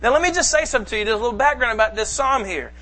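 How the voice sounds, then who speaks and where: A man preaching a sermon to a congregation, reading scripture slowly and with emphasis. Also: very high voice, animated, pushed and bright. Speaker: pastor. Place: church sanctuary.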